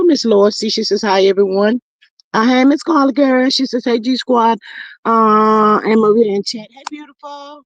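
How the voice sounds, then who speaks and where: A livestream host chatting casually and reading out viewers' comments, folksy and animated, calling people honey and child, with sudden jumps in pitch. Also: no echo, dull audio.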